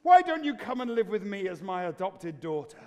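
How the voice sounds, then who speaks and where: A man's voice: sits high, big pitch swings, normal speed, warm tone. A man with a British English accent playing a volatile, pompous king who blusters and pleads. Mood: pleading. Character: volatile middle-aged king, pompous and fussing.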